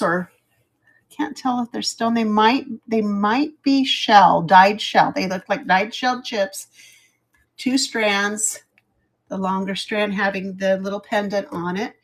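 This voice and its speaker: A middle-aged woman hosting a casual live jewelry sale, chatty and rambling, laughing at her own fumbles. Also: mid-range voice. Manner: chatty, rambling, self-deprecating. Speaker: live jewelry auction host. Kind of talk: casual live selling chat.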